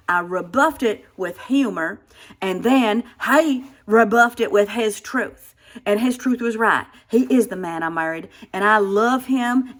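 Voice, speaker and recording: A woman's voice: fairly high pitch, a bit bright. A woman in her sixties venting in a rambling comic monologue, exasperated, with frequent sighs and restarts. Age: 60s. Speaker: comedic vlogger playing a satire version of herself.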